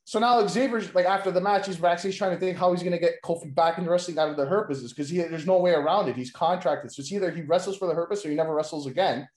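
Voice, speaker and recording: A man with a fairly high voice rambles through a casual chat, leaning on filler words and swearing freely. He is recorded in a roomy space with a noticeable echo. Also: rapid-fire, hardly any pauses, darkish tone. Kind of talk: casual chat pitching wrestling storylines.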